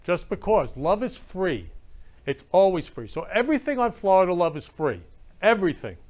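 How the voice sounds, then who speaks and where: A man's voice: high-pitched, sing-song, moderate pace, a little mellow. A man hosting a talk show, gushing with emotion and often exclaiming, in casual chat. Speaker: show host.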